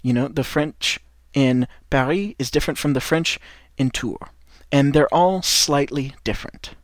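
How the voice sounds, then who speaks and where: A man's voice: medium pitch, measured pace, no room sound. Midwestern American male language teacher, encouraging pep-talk delivery, casual restarts, dry booth sound. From United States. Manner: encouraging, rambling, with frequent restarts. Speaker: English teacher and podcast host. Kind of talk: podcast lesson for French learners.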